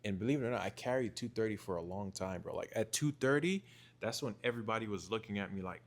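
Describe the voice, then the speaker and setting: Young guy, lowish voice, slangy and chill, retelling his gym glow-up, lots of repeats. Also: quick pace. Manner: slangy, repetitive, animated storytelling. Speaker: fitness vlogger. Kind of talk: casual storytelling to camera.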